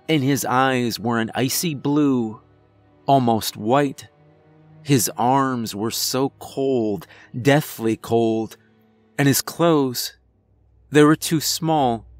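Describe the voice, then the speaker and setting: Man, horror narrator, slow measured delivery, faint background music. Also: mid-range voice. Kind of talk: scripted first-person horror narration.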